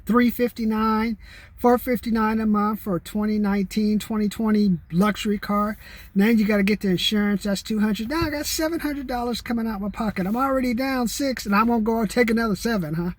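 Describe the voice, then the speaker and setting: A man with a high voice chats casually to his viewers. He rambles and restarts, tacking "man" onto his sentences and keeping the talk loose and animated. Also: a little fast. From California. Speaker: vlogger. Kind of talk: casual chat to camera.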